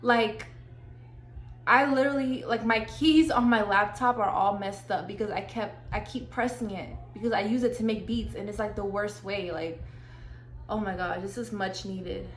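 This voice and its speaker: A woman's voice: medium pitch, steady tone, moderate pace. A young woman, gushing and slangy as she unboxes gear in a casual vlog. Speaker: vlogger. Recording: echoey room, faint hiss.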